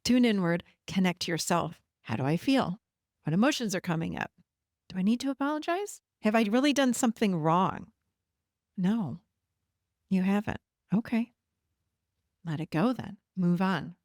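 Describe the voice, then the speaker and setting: A woman's voice: mid-range voice, animated, moderate pace, pauses often, darkish tone, no room sound, studio quality. A middle-aged woman hosting a solo podcast, talking directly and encouragingly to her listeners about habits. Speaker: podcast host and codependency coach. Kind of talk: solo podcast teaching monologue.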